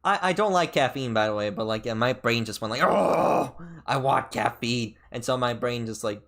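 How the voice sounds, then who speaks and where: Rambling young man streamer, jumpy pitch. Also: quick pace, fairly bright tone. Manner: rambling storytelling full of fillers and restarts; pitch jumps sharply up and down mid-story. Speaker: VTuber streamer. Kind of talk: casual stream chat.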